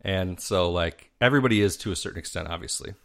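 A man with a somewhat low voice chats casually with a friend. He tells stories in a deadpan way and jokes dryly. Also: quick pace, creaky. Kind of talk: casual chat.

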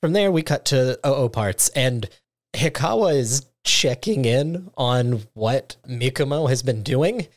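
Podcast host, casual chat, animated storytelling, acts out lines, mid pitch. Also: unhurried. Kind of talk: casual chat recapping a show.

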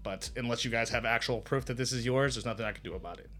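A man voicing a gruff, impatient male town guard who talks in a loud, brusque and dismissive way in a tabletop game. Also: medium pitch, fast talker, soft background music, lightly acted.

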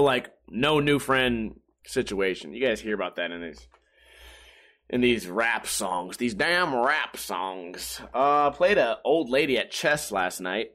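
A man's voice: mid-range voice, a bit bright. A man talking alone in a casual, rambling monologue, swearing freely and mimicking other people in mocking voices.

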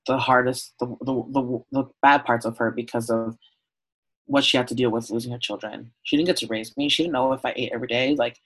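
A man's voice: mid-range voice, steady tone, fairly quick, fairly bright tone, breathy edge, low-quality recording. A man from Southern California, a podcast guest, speaking candidly and from the heart, with frequent "um" and "like" in a conversational interview. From Southern California, USA. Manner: open, heartfelt storytelling with frequent "um" and "like".

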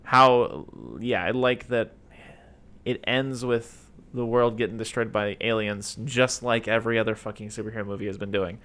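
A man's voice: fairly low pitch, normal speed, clean tone. Laid-back man rambling about a movie. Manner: relaxed, rambling with fillers and quoted bits. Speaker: podcast co-host. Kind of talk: casual movie discussion.

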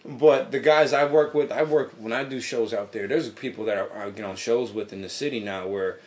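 A man's voice: medium pitch, brisk. Profane, rambling man telling stories. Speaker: podcast co-host. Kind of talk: casual chat.

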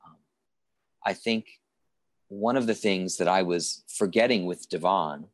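A man telling a Bible story in a relaxed, conversational sermon, with fillers and restarts as he goes. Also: deep voice, unhurried, no room sound. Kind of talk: reflective spoken sermon.

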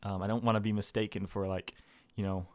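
A man's voice: on the low side, flat delivery, quick pace. Rambling, laughing man in a home office. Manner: rambling, laughing, many fillers and restarts. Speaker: video creator. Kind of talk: casual vlog chat.

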